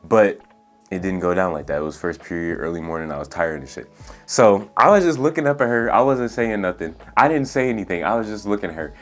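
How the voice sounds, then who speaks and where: Laid-back young man with a soft, low voice. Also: expressive, brisk, soft background music. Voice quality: soft, soothing voice. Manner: laid-back, profane slang, says "bro" and "like" a lot. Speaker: storytelling vlogger. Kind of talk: casual storytelling. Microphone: USB studio microphone.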